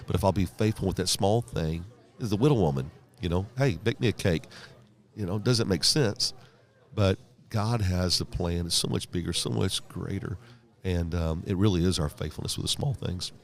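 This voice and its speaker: Pastor guy in his 40s, real low gravelly voice, tells a story and acts out the quotes. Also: normal speed. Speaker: guest pastor and leadership author. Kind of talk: storytelling in a podcast interview.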